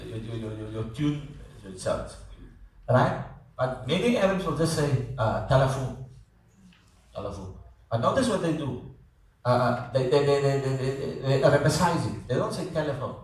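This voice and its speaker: A man teaching a class in a conversational way, repeating words and checking that students follow. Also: fairly high pitch. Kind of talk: classroom lecture. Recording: echoey classroom, voice from far off.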